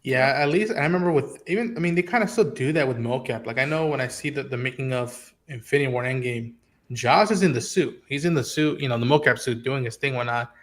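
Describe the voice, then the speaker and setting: A man's voice: medium pitch, fast talker. A man hosting a casual online chat, talking in an easygoing, rambling way with many fillers. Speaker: host.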